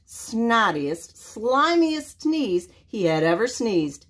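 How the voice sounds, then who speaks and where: Older woman reading a story slowly. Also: mid-range voice, breathy edge. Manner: slow, expressive, animated reading. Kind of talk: children's story read-aloud.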